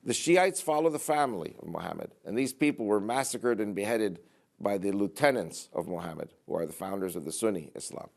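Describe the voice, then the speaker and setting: Low-voiced man giving an emphatic speech. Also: expressive, brisk, creaky. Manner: emphatic, repetitive rhetorical delivery. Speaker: public speaker. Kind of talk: political speech to a church audience.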